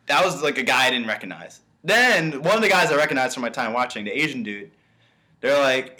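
A man's voice: medium pitch, fairly quick. A young man co-hosting a podcast, chatting casually and acting out the scenes he retells. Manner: animated storytelling, acts out quotes. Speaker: podcast co-host. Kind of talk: casual chat.

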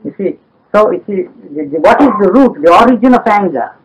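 A man's voice: sits high, lively intonation, fairly quick, dull audio, slight background noise. A man in a philosophical dialogue who presses his point insistently, repeating words and adding "you see". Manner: insistent, emphatic repetition, frequent "you see".

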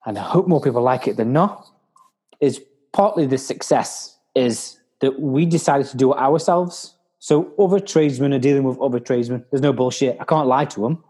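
A man's voice: mid-range voice, normal speed, warm tone, breathy edge. A man hosting a podcast, talking bluntly with some swearing and acting out what other people say. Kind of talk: casual chat.

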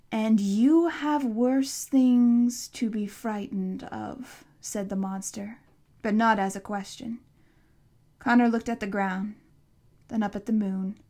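A woman narrating an audiobook in a steady, expressive storytelling manner. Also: mid-range voice. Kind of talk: audiobook reading.

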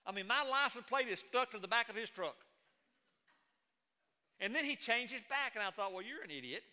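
A man's voice: extremely high pitch, normal speed, bright, forceful tone, big-room sound. A middle-aged man preaching a sermon as a pastor, moving between folksy stories and emphatic proclamation.

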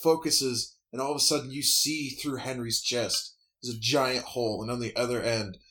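A man's voice: mid-range voice, steady tone, moderate pace, bright, forceful tone. A man narrating as game master, rambling and loose, with lots of fillers.

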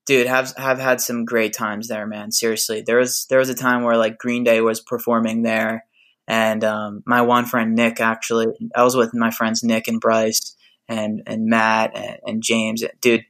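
A man's voice: medium pitch, monotone, a little slow, fairly bright tone. A man on a podcast as a guest, chatting casually in a laid-back, joking way.

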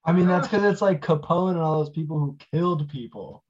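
A man chatting casually as co-host, animated, swinging between loud bursts and quiet asides. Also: fairly high pitch, a little fast, husky. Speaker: podcast co-host. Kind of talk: casual chat. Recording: dull lo-fi sound.

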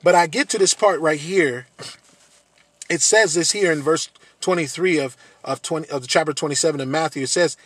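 A man delivers an earnest sermon in a fairly high, husky voice. He repeats his phrases and builds to emphatic peaks. The sound is dry and close. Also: brisk, a bit bright, dry recording. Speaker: preacher.

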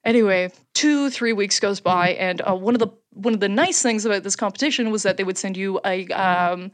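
A woman's voice: mid-range voice, a little fast. Laughing, loose-talking woman comedian. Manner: animated, swears freely, laughs often. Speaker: podcast co-host and stand-up comedian. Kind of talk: casual storytelling chat.

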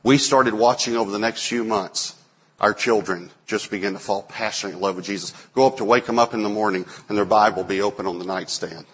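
Male pastor, 40s, low husky voice, animated sermon storyteller. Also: fast. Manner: storytelling, acts out quotes with sudden loud bursts.

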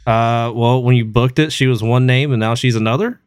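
A laid-back male co-host teasing his friends in casual chat, his voice at a middling pitch. The recording is dry and close. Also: fairly even intonation, fairly quick, clear, resonant tone, no echo. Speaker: podcast co-host.

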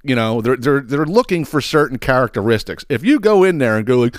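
A man's voice: mid-range voice, animated, fairly quick, hardly any pauses, no room sound, studio quality. A man hosting his own podcast, talking casually in a profane, rambling way with stammered repeats. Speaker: podcast host. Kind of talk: casual solo podcast monologue.

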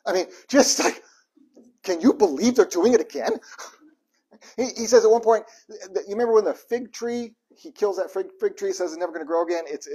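A man preaching a sermon, telling scripture stories in a lively way with quoted voices and humorous asides. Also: a little high, husky. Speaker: pastor.

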